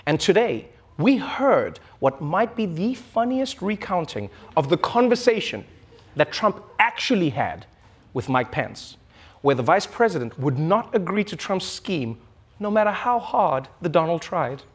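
A man's voice: sits high, measured pace, husky. A man hosting a late-night show, delivering a comedy monologue with laughing asides. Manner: animated, laughing asides, mock-indignant.

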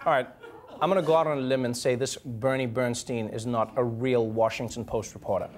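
A man's voice: mid-range voice, steady tone, a little fast, a little hiss or hum. A man hosting a late-night comedy show, delivering scripted jokes and banter with a wry, mock-serious tone.

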